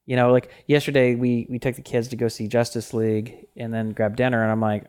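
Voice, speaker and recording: A man's voice: mid-range voice, flat delivery, a little fast, darkish tone, smooth. A man co-hosting a podcast in casual chat. He rambles, with lots of fillers and restarts. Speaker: podcast co-host.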